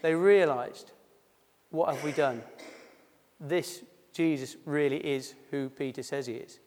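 A man's voice: on the high side, measured pace, a little mellow, slight background noise. A man preaching a sermon at a baptism service, a pastor who drops his H's and reads scripture before explaining it in plain, conversational words. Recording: long reverb in a church hall.

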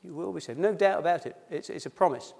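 This pastor speaks fast, his slightly high voice a little mellow with vocal fry and a breathy edge. Preaching at a baptism service, he drops his H's, reads scripture, then explains it in plain conversational words, and the church hall's long reverb surrounds him.

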